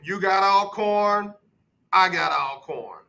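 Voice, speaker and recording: A man hosting a casual sports talk radio show, quizzing his guest in a brisk, repetitive rhythm. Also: high voice, gravelly, pushed and bright, rough recording.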